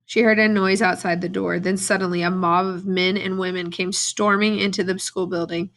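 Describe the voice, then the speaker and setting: Brief: female teacher reading a novel aloud to students, steady, with a gravelly fry. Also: mid-range voice, normal speed. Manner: steady, plain read-aloud with brief asides to the class.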